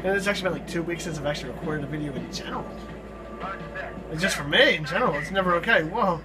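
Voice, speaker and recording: Hyperactive high-voiced gamer guy. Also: quick pace, over music. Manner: hyperactive, loud outbursts and cursing. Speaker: let's play host. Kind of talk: excitable gameplay commentary. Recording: distant mic with loud noise.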